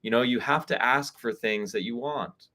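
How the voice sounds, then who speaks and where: A man's voice: medium pitch, normal speed, bright, forceful tone. A man hosting an online spiritual call, giving candid, conversational advice on friendships and acting out bits of dialogue. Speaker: spiritual reader and community host. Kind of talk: live online call, casual advice talk. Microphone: video call.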